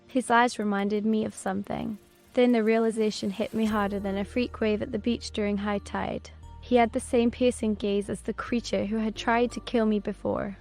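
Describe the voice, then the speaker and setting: A woman narrates a fantasy story in the first person, steady and unhurried. Her pitch barely moves and sits mid-range, with soft music playing underneath. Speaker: audiobook narrator. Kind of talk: scripted narration. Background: soft background music.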